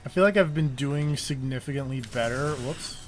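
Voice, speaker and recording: Man, young adult, nasal and congested, casual game commentary, mid-pitched voice, faint noise behind. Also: moderate pace. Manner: chatty, reacting out loud to the game. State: congested from allergies. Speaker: streamer playing video games.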